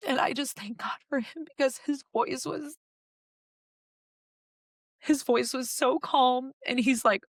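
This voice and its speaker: A woman's voice: high-pitched, slow pace, pauses often, dry recording. Young woman telling her story, dry sound. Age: young adult. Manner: animated, acts out her own past words. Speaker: podcast guest. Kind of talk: emotional personal storytelling.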